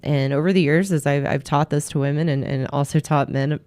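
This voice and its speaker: A woman's voice: sits low, fairly even intonation, a little fast, darkish tone. A woman hosting a solo talk show, speaking earnestly to listeners and giving advice, often restarting her phrases. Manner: earnest, advising, with frequent restarts. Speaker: host.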